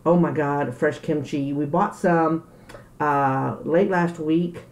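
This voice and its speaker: A woman's voice: low voice, slow pace, darkish tone. A middle-aged woman chatting casually while eating in a mukbang vlog. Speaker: mukbang vlogger.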